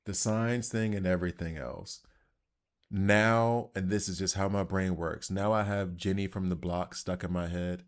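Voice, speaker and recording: A man with a deep, low voice and a Southern accent talks his way through a video game. His commentary is loose and rambling, and he keeps laughing at his own odd tangents. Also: steady tone, unhurried. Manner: rambling, self-deprecating, chatty. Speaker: gaming channel host. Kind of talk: casual gameplay commentary.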